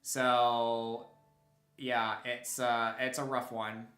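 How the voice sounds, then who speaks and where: A man's voice: mid-range voice, flat delivery, drawn-out words, a bit bright, soft background music. A young man streaming a game, chatting casually and rambling with many restarts and chuckles. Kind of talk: casual live-stream chat while gaming. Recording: roomy echo.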